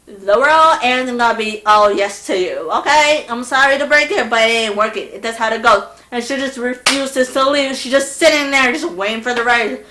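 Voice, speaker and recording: A young woman vlogger tells a storytime casually and with exasperation, her voice a little high and her pace moderate. She's animated, acting out the voices of the people she quotes. The room sounds echoey.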